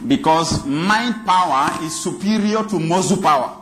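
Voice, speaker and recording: A man's voice: fairly high pitch, animated, measured pace, fairly bright tone, a little hiss or hum. A man preaching a sermon, emphatic and repeating phrases for stress.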